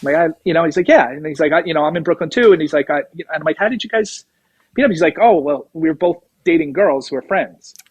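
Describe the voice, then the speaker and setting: A middle-aged drummer, guesting on a casual storytelling interview, rambles through an anecdote and acts out others' dialogue. His voice is high, husky, and fast with few pauses, recorded dry and with poor audio.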